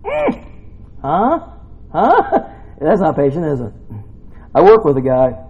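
A man's voice: on the high side, wildly swooping pitch, slow, highs cut off. A man giving a casual, jokey sermon in a church, rambling into asides between scripture readings. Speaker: preacher.

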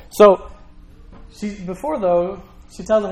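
A man's voice: high-pitched, fairly even intonation, unhurried, darkish tone, low-quality recording. A male pastor preaching a sermon in a church, talking conversationally with rhetorical questions and emphatic repetition.

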